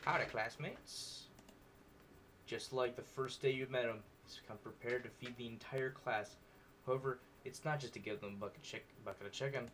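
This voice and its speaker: A man reading a dating sim's narration aloud with animated, joking reactions. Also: mid-range voice, slight background noise. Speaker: gaming video creator.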